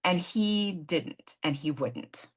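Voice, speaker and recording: A middle-aged woman, a therapist and coach, telling a candid story in an animated, self-deprecating way and acting out her own frustrated outbursts. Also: on the low side, takes it slowly.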